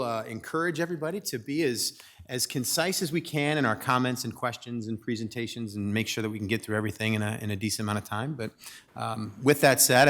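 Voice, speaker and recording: A man's voice: mid-range voice, a bit bright. A man, the mayor, opening a budget meeting with upbeat, rambling remarks full of fillers.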